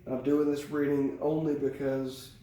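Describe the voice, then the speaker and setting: A man's voice: mid-range voice, little pitch movement, measured pace, dark tone. A man giving a casual, rambling tarot reading, candid and swearing freely, recorded at a distance in a very echoey room. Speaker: tarot reader. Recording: very echoey room, distant mic, faint hiss.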